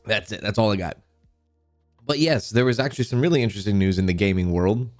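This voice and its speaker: A man's voice: fairly low pitch, fast, a little mellow, faint music behind. Chatty man greeting his stream chat. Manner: chatty, greets viewers by name, trails off and restarts. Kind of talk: casual livestream chat greeting viewers.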